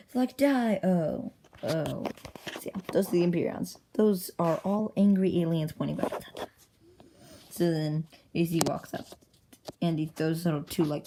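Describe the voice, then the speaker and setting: A woman speaks in a low, creaky voice over a noisy background, recording narration of her own comic on an iPad fitted with a pop socket. Her talk is loose and chatty, full of self-mockery.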